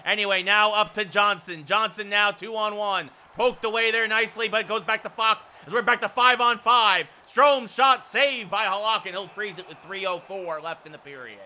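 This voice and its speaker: A man in his thirties calls the action of a hockey video game like a broadcaster. His voice sits high and sounds sharp and bright, and it rises into loud calls on big plays. Between calls he drops into casual asides to his viewers. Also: moderate pace, hardly any pauses, a little hiss or hum. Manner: excitable play-by-play calls, with asides to chat. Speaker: streamer doing play-by-play of a hockey video game. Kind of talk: sports play-by-play commentary.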